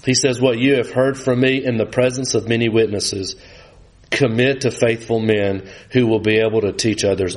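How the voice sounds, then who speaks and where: A man, preaching a sermon with animated, rising emphasis that drops low and quiet for scripture. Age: 40s.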